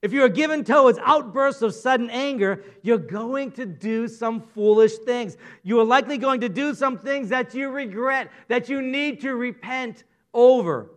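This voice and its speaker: A male preacher with a very high-pitched voice delivers a sermon at a moderate pace. His manner is playful and conversational, and he often poses questions to the congregation.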